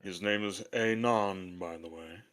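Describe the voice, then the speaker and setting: A man voicing a gruff older ship captain with a low, gravelly gunslinger drawl, dry and teasing. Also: unhurried, a bit bright. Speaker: co-player voicing a character. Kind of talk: voice acting a game character.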